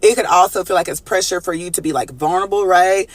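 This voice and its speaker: In a high voice and talking fast with no echo, a tarot reader does a live collective reading. He's casual, profane, and chatty, calling viewers y'all and responding to their chat comments.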